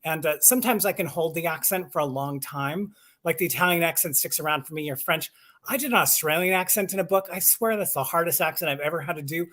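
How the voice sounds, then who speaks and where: A man's voice: on the high side, quick pace, bright, forceful tone. A voice actor and audiobook narrator chatting casually and enthusiastically, laughing at himself as he explains his craft. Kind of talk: casual chat on a live stream.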